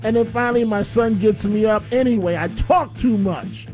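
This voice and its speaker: A man's voice: high-pitched, normal speed, a little mellow, soft background music. A middle-aged man hosting call-in talk radio, telling stories animatedly and laughing at himself. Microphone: studio microphone.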